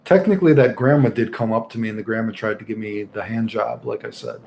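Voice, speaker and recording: A man's voice: fairly low pitch, fast talker, gravelly, a little mellow, slight background noise. A young man streaming live, chatting casually and rambling through stories with lots of swearing. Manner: rambling, casual, swears often, many fillers.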